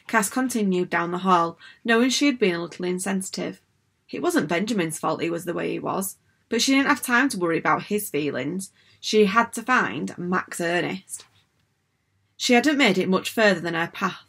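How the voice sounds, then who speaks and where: Husky-voiced woman reading a kids' chapter book aloud, steady and even. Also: fairly low pitch. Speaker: audiobook narrator. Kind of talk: storybook narration.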